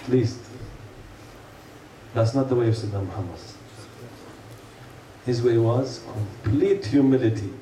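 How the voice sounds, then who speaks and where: A man's voice: mid-range voice, unhurried, long pauses, dark tone. A man giving an earnest sermon, asking rhetorical questions and telling stories to a congregation. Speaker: preacher. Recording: echoey room, mic far off, faint hum.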